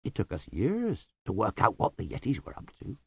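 A man's voice: fairly low pitch, wildly swooping pitch, normal speed, creaky, dark tone, breathy edge, no room sound, heavily acted. A man doing a matter-of-fact older monk.

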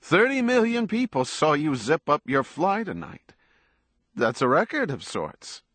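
A man's voice: a little high, sing-song, a little slow, fairly bright tone, breathy edge, dry recording, studio quality, pitched above the performer's own voice, heavily acted. A man voicing a sweaty, fawning male business agent with a panting, dog-like voice. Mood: eager.

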